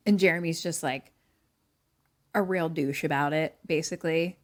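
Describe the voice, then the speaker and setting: A woman's voice: sits low, steady tone, moderate pace. A woman co-hosting a podcast, casually retelling a film's plot in a chatty, profane way with lots of "like". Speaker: podcast co-host. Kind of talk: casual movie recap.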